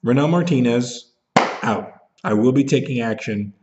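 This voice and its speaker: Angry man ranting into a webcam, bitter and profane, mid-pitched, slightly dull lo-fi audio. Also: moderate pace, noisy background. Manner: bitter, profane, jumps into mocking voices when he is upset. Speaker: vlogger. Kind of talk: angry rant to camera.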